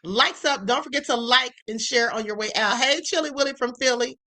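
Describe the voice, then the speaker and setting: A woman's voice: on the high side, a little fast, sharp tone, rough recording. A woman hosting a live stream, chatting in an amused way and calling her viewers beloved and honey. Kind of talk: casual live stream commentary.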